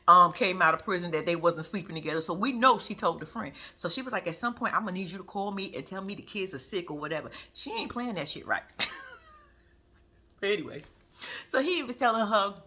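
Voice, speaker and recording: Woman vlogger in AAVE, lively bright recap chatter, husky edge. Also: medium pitch. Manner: animated, laughing often, playfully cussing. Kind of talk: casual reaction recap.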